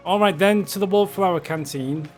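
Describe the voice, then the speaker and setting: A man's voice: sits high, normal speed, a little mellow, soft background music. A man casually commenting while playing a game, joking as he goes. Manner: jokey, reads game dialogue in voices. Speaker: streamer.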